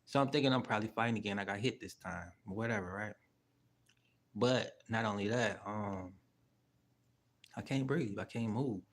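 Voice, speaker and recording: Here the host's voice sits fairly low, moving at an ordinary speed but broken by long pauses. He rambles through a casual, slang-filled story with lots of cursing, asides and filler words.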